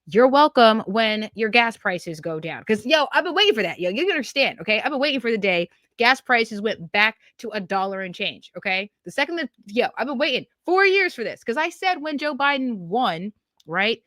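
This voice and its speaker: A woman hosting a political commentary podcast. She talks in an animated, emphatic way and keeps repeating phrases and tagging lines with "okay?" and "yo". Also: on the high side, a little fast, dry recording. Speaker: podcast host.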